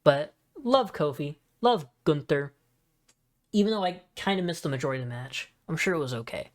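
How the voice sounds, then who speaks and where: A man hosting a podcast in a casual solo chat, talking in an excitable, rambling way with many asides. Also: on the high side, a little fast. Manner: excitable, rambling fan talk with frequent fillers and asides. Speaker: wrestling podcast host.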